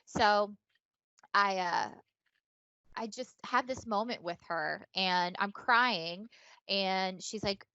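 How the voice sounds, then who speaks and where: A woman's voice: mid-range voice, takes it slowly, long pauses, bright, forceful tone, clean tone, no echo. Rambling woman telling a story, lo-fi. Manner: rambling, filler-heavy and profane. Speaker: podcast co-host. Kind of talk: casual storytelling chat. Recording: dull lo-fi dry sound.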